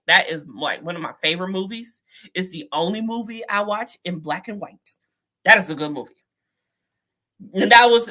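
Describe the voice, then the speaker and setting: A woman's voice: medium pitch, bright, forceful tone. A young adult woman giving outspoken, exasperated political commentary, talking straight to her viewers. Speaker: vlogger.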